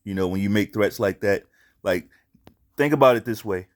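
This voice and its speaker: A man's voice: fairly low pitch, moderate pace. Blunt, profane male commentary host. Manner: blunt, profane, emphatic, repeats himself. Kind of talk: casual commentary.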